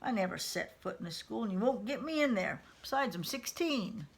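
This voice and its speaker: A woman's voice: mid-range voice, lively intonation, gravelly, slight background noise. A woman reading aloud, voicing a scrawny, sassy young girl with a hollow voice who drops her H's. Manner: sassy, quick retorts. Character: scrawny, snaggle-toothed, brash young girl, sassy and streetwise.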